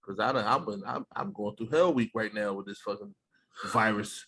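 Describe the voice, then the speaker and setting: A man's voice: on the low side, normal speed, bright, forceful tone, slightly rough. A man co-hosting a podcast in loose, joking, profane banter. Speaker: podcast co-host. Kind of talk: casual chat.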